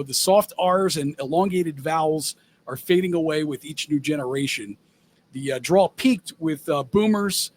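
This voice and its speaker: A man co-hosting a podcast, reading out news stories in a measured way, with frequent "uh" fillers. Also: a little high. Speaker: co-host.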